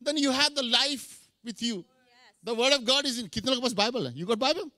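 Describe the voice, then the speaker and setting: A man's voice: very high-pitched, lively intonation, racing, sharp tone, no room sound. A middle-aged man preaching a sermon, mixing English with Hindi phrases. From India. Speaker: pastor.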